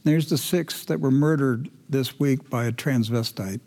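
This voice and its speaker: A man hosting a commentary show, talking indignantly and moving between heated outbursts and hushed, emotional passages. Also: mid-range voice, measured pace. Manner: indignant, swings from loud ranting to hushed emotional. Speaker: host.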